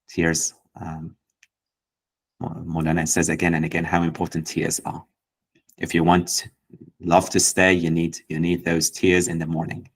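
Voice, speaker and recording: A man with a very low voice leads a gathering and explains a poem line by line. He talks gently and thoughtfully, often stopping to restart a phrase as he searches for words. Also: gravelly, poor audio. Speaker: host explaining poetry. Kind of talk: reflective teaching talk.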